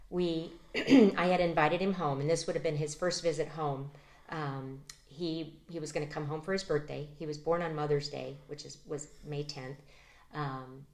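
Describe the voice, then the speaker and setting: A middle-aged woman with a low, soft voice shares a personal testimony in an interview. She speaks haltingly, with frequent ums, pauses and restarts. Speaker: interview guest.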